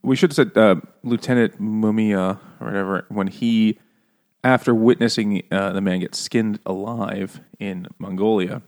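A man with a somewhat low voice talks loosely about a novel with friends. He laughs a lot, swears freely and jumps into animated quotes of the characters. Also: normal speed. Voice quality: profane, laughing often, animated quoting. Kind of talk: casual book discussion.

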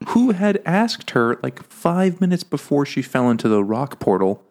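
A man hosting a casual book-chat podcast over beers, sarcastic, acting out characters' lines in quick bits. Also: medium pitch, very animated, darkish tone. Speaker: podcast host.

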